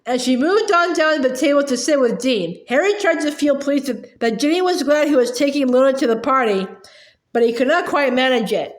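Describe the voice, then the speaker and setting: A woman reading a novel aloud in a high voice, stumbling now and then with fillers and restarts. The recording has a noticeable roomy echo. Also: animated. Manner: halting, with frequent uh fillers and restarts. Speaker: audiobook reader. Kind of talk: amateur read-aloud narration.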